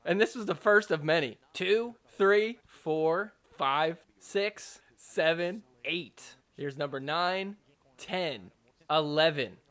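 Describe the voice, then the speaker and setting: Male podcast host, high voice, animated and jokey, casual commentary over clips. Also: slow. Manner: animated, laughing, mocking the players.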